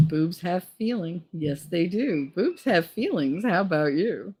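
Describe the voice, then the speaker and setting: Woman streamer, middle-aged, lowish voice, crude rambling chat, swears freely. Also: normal speed, hardly any pauses, a little mellow, husky. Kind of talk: casual chat.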